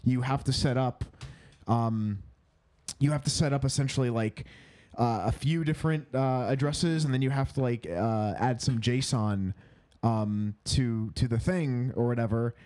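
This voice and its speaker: A man's voice: mid-range voice, measured pace, darkish tone. A man co-hosting a podcast, talking casually and rambling with lots of fillers and restarts. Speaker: podcast co-host. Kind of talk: casual chat.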